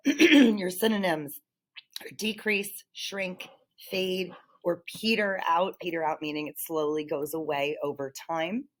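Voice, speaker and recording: Low-voiced teacher explaining vocabulary. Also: female voice, slow pace. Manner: patient, explanatory, with frequent "um" and throat clearing. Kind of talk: vocabulary lesson over slides.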